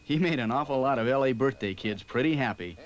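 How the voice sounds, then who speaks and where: A man giving measured, reflective scripted narration for a documentary. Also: medium pitch, lively intonation, poor audio.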